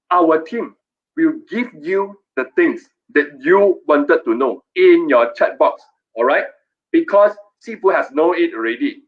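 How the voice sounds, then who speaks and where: A man hosts a live stream, his fairly high voice swinging up and down with lively energy. He coaxes and playfully scolds his viewers, repeating himself as he drives a sales pitch. The sound is dull and lo-fi. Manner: animated, repetitive, playfully scolding.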